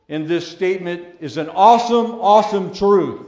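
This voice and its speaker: A man preaching a sermon as pastor, emphatic, repeating phrases and swinging between loud declarations and hushed words. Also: high voice, normal speed, few pauses, roomy sound.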